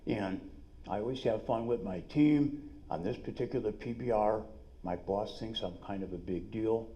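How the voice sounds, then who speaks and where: A middle-aged man with a New York accent gives an energetic, salesy seminar talk at a conference, full of quick asides. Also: lowish voice. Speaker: dentist and business speaker. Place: conference room.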